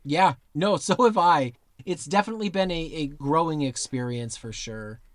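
A man's voice: on the high side, normal speed, no echo. A man co-hosting a podcast in casual chat, easygoing, with short replies. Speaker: podcast co-host.

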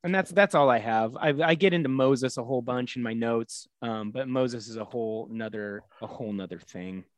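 A man's voice: medium pitch, normal speed, few pauses, no echo. A man hosting a comedy podcast, casually retelling a story in an irreverent, crude way. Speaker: podcast host.

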